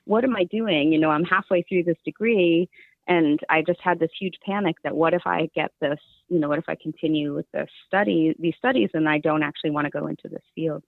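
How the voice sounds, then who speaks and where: Woman, middle-aged, podcast guest, animated storyteller, dry phone-like line. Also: deep voice, fairly quick, vocal fry, dry recording. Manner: chatty, laughs often, animated storyteller. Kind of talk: casual interview talk.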